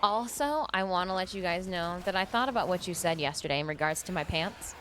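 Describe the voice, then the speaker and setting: A woman's voice: fairly low pitch, expressive, brisk, a bit bright, slight background noise. A woman chatting casually while streaming a video game, laughing often and rambling into asides at her desk mic. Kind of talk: casual chat while gaming.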